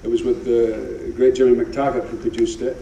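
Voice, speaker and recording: A man's voice: medium pitch, little pitch movement, normal speed, gravelly, mellow, dull audio, a little hiss or hum. Scottish man in his 70s, rambling anecdotes, roomy theatre sound, distant from the mic. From Scotland. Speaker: guest actor. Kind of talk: stage interview anecdotes. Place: theatre stage before an audience.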